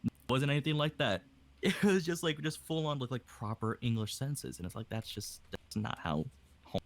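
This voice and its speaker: A man's voice: medium pitch, animated, moderate pace. A young man from Hawaii, an aspiring voice actor, chatting casually in a rambling way over a voice call. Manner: rambling, casual, with many fillers. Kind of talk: casual podcast chat.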